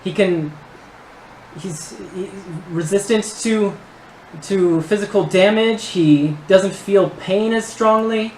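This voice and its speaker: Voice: mid-range voice, takes it slowly, a little mellow, slight background noise, pitched above the performer's own voice, natural voice. A woman voicing a panicky old male gnome inventor who stammers and pleads near tears, in a tabletop game. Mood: panicked pleading. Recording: roomy echo.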